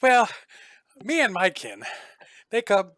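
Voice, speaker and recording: A man's voice: high voice, wildly swooping pitch, takes it slowly, fairly bright tone, voice pushed up, full character voice. A man voicing a chatty, flirtatious male gnome shopkeeper who rambles on and on. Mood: rambling friendly. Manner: rambling, overly friendly, flirtatious.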